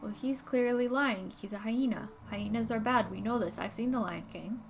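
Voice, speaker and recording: Young woman streamer, fairly high voice, chatty joking asides. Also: normal speed, gravelly, a little hiss or hum. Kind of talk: casual game commentary.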